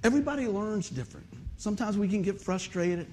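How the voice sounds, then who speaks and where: A middle-aged male pastor with a high voice tells funny stories as he preaches. He is animated, breaks into laughter and shouts out exclamations. A faint hiss sits behind him. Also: fast. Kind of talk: comic storytelling sermon.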